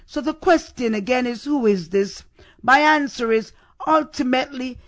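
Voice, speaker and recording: Man, preacher, sermon, unhurried, emphatic rhetorical questions. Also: very high-pitched.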